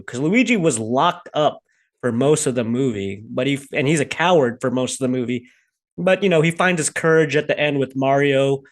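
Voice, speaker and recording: An easygoing man who laughs often, hosting a casual movie review chat with friends. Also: medium pitch. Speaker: podcast host.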